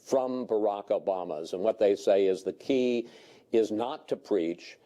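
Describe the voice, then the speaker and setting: A man moderating a televised political panel, putting brisk, pointed questions to the guests. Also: fairly low pitch, mellow. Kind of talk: broadcast panel discussion.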